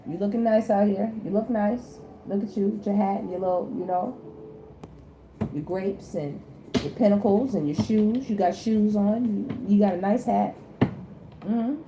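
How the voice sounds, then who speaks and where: A woman's voice: medium pitch, echoey room, background noise. A woman host giving a casual tarot reading to camera, chatty and teasing, laughing often and talking in loose slang. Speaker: tarot reader and channel host.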